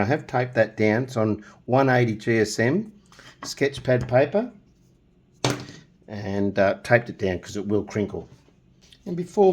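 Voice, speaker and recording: A middle-aged man hosting a casual painting tutorial, chatting and joking as he works and humming nonsense tunes. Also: mid-range voice. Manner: chatty, jokey, hums nonsense tunes while working.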